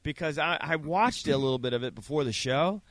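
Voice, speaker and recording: A man's voice: on the high side, brisk, fairly bright tone, no room sound, clean studio sound. A man hosting a sports radio show, chatting casually with his co-hosts.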